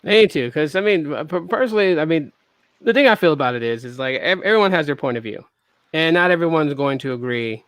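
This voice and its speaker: A man hosts a relaxed tech podcast. He is hesitant and stops and restarts often. His voice is dry and close to the mic. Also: on the high side, quick pace, clear, resonant tone, dry recording. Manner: hesitant, many restarts and fillers. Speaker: podcast host. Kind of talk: casual tech podcast chat.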